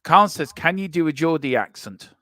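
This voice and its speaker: A man's voice: fairly high pitch, expressive, moderate pace, sharp tone, no room sound. A man co-hosting a casual fan podcast, joking and reading out listener comments. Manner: jokey, reads out listener comments. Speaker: podcast co-host.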